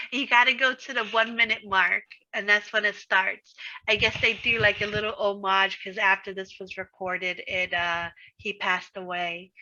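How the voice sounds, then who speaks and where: An American woman from Arizona co-hosting a casual online chat, excitable and often laughing. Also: medium pitch, moderate pace. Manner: giggly, excitable. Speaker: co-host. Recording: dull lo-fi audio.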